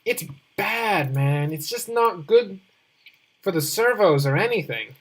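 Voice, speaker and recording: A woman's voice: medium pitch, animated, slow. A woman hosting a game let's play, rambling playfully and chatting to her in-game companion as she goes. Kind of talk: casual gameplay commentary.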